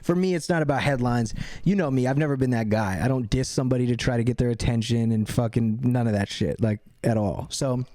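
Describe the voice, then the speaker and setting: A man's voice: mid-range voice, fairly quick, no echo. A man on a livestream answering fan questions, telling rambling stories full of swearing and restarts. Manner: profane, excited, rambling with many restarts. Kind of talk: casual storytelling Q&A.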